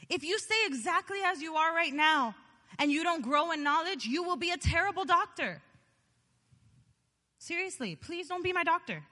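A woman preaching a sermon, animated and chatty, joking with her listeners as she tells a story. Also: extremely high pitch, normal speed, long reverb tail. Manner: animated, chatty, jokes with the audience.

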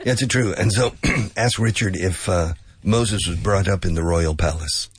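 A man's voice: low voice, normal speed, background noise. A man hosting a casual radio English lesson, joking and laughing a lot, dropping Spanish phrases, and losing his voice. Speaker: radio host teaching English.

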